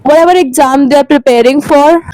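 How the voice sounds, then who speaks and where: High-voiced young Indian woman vlogger. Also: brisk, dark tone, no room sound, low-quality recording. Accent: Indian English. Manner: earnest, chatty, mixes in Hindi phrases. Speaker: language-learning vlogger. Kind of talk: casual advice vlog.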